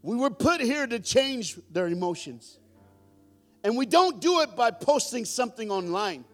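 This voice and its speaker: A middle-aged man delivers a storytelling sermon to a live congregation in a church hall, joking and calling out to the crowd with real animation. His voice is very high-pitched and unhurried, with soft music playing behind him.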